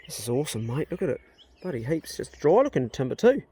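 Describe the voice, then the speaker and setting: A man's voice: on the high side, big pitch swings, quick pace, very noisy. A middle-aged man, chatting casually and bluntly on a vlog outdoors on a rural property. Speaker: vlogger. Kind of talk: casual chat.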